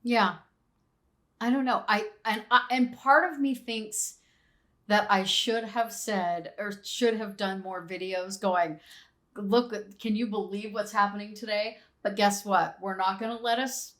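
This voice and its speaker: A middle-aged woman co-hosting a casual podcast, telling a travel story with lively, acted-out quotes. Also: medium pitch, unhurried. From San Diego area. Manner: animated storytelling, acts out quoted people. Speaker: podcast co-host. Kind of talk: casual chat.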